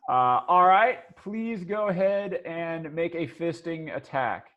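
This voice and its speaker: A man's voice: a little high, expressive, slow pace, few pauses, lo-fi sound. A man running a tabletop game as dungeon master, rambling with frequent restarts and laughter.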